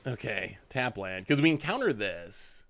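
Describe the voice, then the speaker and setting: Lively man commenting on a card game. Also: on the low side, measured pace. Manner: thinks aloud, chats with viewers. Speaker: streamer playing a card game.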